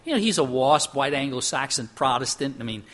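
A middle-aged man preaching a sermon, earnest, climbing high for emphasis and dropping soft and low on solemn points. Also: lively intonation, a little fast. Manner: earnest, rises in pitch for emphasis and drops softly for solemn points. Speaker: pastor.

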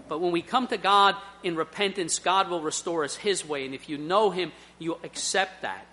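A man's voice: high-pitched, a little fast, few pauses, sharp tone. A middle-aged man preaching a sermon, telling personal stories earnestly and swelling into emphatic points.

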